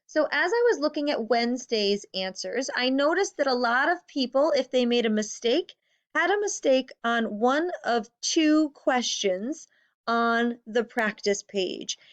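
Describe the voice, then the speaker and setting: A woman's voice: fairly high pitch, expressive. Patient woman teacher explaining math. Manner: patient, stresses key words, counts slowly. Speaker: fifth grade teacher. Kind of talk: recorded math lesson. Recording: slightly dull lo-fi audio.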